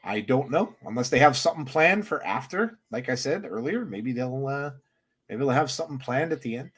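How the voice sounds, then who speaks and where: A man co-hosting a live wrestling watchalong, giving excitable reaction commentary with many restarts. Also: mid-range voice, fairly quick, husky.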